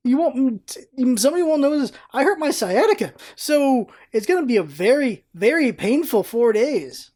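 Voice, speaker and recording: A woman's voice: high voice, big pitch swings, moderate pace, few pauses, a little mellow. Chatty rambling woman vlogger. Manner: rambling, self-correcting, chatty. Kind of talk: casual vlog chat.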